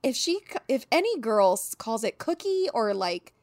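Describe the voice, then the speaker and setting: A woman's voice: on the high side, sing-song, moderate pace, no echo, studio quality. A young woman co-hosting a book podcast, chatting casually, laughing a lot and acting out her reactions. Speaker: podcast co-host.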